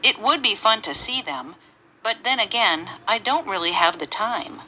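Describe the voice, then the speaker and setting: A woman reading English example sentences aloud in a measured, lively way for a lesson. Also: mid-range voice, slight background noise, low-quality recording.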